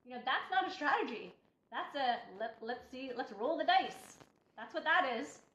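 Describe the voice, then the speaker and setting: A high-voiced woman lectures in a blunt, preachy way, pressing her points hard. Her voice carries a roomy echo, and the recording sounds dull and lo-fi. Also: lively intonation, normal speed, fairly bright tone. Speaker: healthy-eating coach. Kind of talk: motivational talk to camera. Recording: echoey room, dull lo-fi sound.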